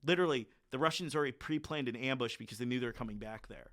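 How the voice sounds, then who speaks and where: A man's voice: mid-range voice, racing, a bit bright. Blunt man telling war stories. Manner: blunt, candid war storytelling with frequent filler words. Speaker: podcast guest, military veteran. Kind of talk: casual conversational storytelling.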